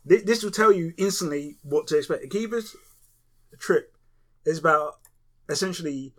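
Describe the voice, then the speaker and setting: A man's voice: a little high, moderate pace. Joking man in casual gaming chat. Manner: animated, swearing, joking asides. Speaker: podcast co-host.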